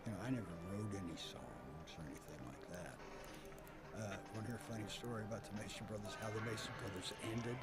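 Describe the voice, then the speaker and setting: A middle-aged man telling profane, animated stories about his past as a band singer in an interview. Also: fairly low pitch, quick pace, loud music behind the voice. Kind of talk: casual storytelling interview.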